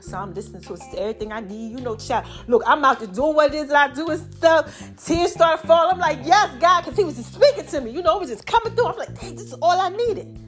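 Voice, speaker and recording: A woman hosting her own podcast in a lively, preachy, slangy way, a little out of breath as she talks. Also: sits high, quick pace, soft background music. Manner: lively, preachy, slangy, calls herself Mama. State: slightly out of breath. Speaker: podcast host. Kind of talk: casual inspirational monologue.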